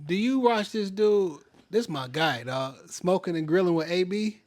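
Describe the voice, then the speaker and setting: A man's voice: high-pitched, animated, moderate pace, darkish tone. A man with a Detroit accent, co-hosting a podcast in loose, slangy, laid-back banter. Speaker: podcast co-host. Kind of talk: casual chat.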